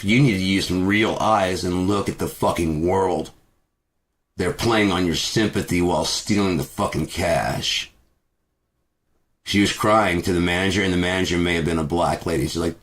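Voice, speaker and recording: Deep-voiced man ranting bitterly. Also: fairly even intonation, normal speed. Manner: bitter, swearing, repeats himself. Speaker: vlogger. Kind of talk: profane ranting monologue.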